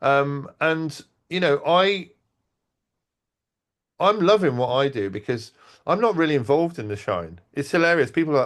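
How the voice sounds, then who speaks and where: Animated man telling stories. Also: a little high, moderate pace. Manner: animated, swearing, restarts sentences, acts out quotes. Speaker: event organizer and podcast guest. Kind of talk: casual conversational storytelling.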